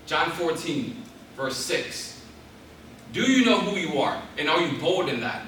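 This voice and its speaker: An intense young man speaks to a crowd in a large hall. His voice is bright and pushing, and he sits a little back from the mic. The room gives it a heavy, boomy echo. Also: very animated, a little slow, distant mic, a little hiss or hum. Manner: intense, preacherly, rising to emphatic exhortation. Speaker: guest speaker. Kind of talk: motivational Christian talk.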